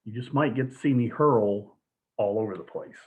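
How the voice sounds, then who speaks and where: A man's voice: medium pitch, normal speed. A man hosting a casual online show, chatty and hesitant, with lots of ums and uhs. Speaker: show host. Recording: phone-like lo-fi audio.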